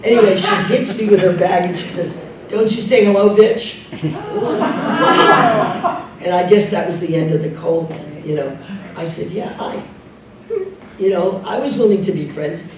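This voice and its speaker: An older actress telling lively backstage stories as an interview guest, laughing often and mimicking others. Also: female voice, on the low side, moderate pace. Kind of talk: anecdotal storytelling Q&A. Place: club room with live audience. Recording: echoey room, distant mic, background noise.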